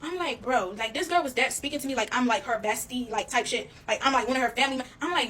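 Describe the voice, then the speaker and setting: Fast-talking woman telling a storytime. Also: sits high, slight background noise, rough recording. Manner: fast, animated, addresses listeners as y'all, swears freely. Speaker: storyteller vlogger. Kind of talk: casual storytime monologue.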